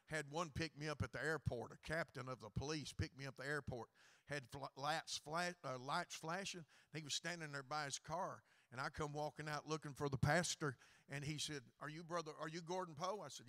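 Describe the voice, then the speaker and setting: A middle-aged man with a Southern accent, preaching a Pentecostal revival sermon in a folksy, joking way that rises to loud preaching. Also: a little high. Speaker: guest preacher.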